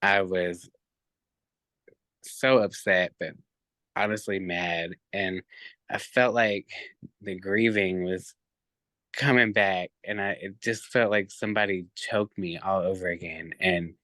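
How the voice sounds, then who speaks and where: A man guest on a podcast, telling a personal story in an animated way, with many fillers and lots of reported speech. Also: deep voice, slow pace, long pauses, no room sound.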